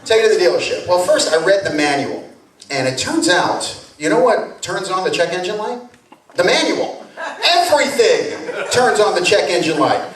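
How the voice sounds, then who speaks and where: A male comedian doing a stand-up set, telling a story in an animated, conversational way with impressions. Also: sits high, moderate pace. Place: comedy club stage. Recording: roomy club sound from a distance, audience.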